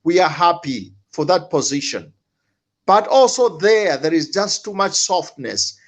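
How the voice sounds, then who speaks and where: A man's voice: on the high side, big pitch swings. A man speaking as a panelist, impassioned, repeating himself and restarting his words. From Zambia. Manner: impassioned, repetitive, halting restarts. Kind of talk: political panel discussion.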